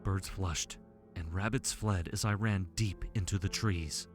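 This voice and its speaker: A man's voice: low voice, a little slow, over music. A man narrating a horror story in a tense, dramatic way.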